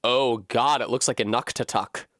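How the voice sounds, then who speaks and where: A man's voice: mid-range voice, steady tone, normal speed, a bit bright, no room sound, studio quality. A man streaming a video game, thinking aloud with profane, sardonic commentary. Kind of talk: live gameplay commentary.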